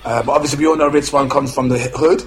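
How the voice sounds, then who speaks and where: A man co-hosting a casual podcast, relaxed and rambling, often laughing as he recaps news. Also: medium pitch, fast talker. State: has a toothache. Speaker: podcast co-host. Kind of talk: casual chat. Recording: noisy home recording with clicks.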